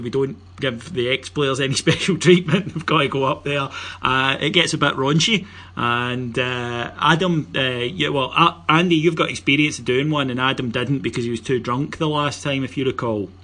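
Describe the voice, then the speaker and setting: A man's voice: medium pitch, moderate pace, sharp tone. A Scottish man hosting a casual football podcast, joking and teasing his guests while plugging the show. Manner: jokey, teasing, plugs the show. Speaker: podcast host.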